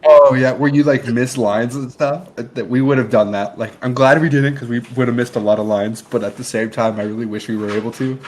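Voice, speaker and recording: A man's voice: mid-range voice, a little fast, few pauses, crowd noise. A man co-hosting a casual movie review podcast, retelling scenes with lots of laughter. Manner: animated, laughs often while retelling scenes. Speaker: podcast co-host.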